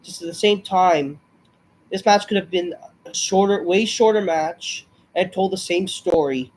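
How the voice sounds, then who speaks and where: A man's voice: sits high, measured pace, slight background noise. Profane, sighing man ranting a review. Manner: profane, frustrated, rambling with sighs. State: unwell and short of breath. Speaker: wrestling show reviewer. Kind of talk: casual rant review.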